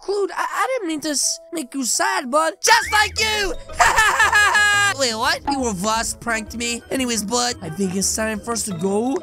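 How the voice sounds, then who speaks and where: Hyper, shouty woman gaming host. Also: sits high, lively intonation, measured pace, hardly any pauses, over loud music. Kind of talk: game role-play as a wolf kid.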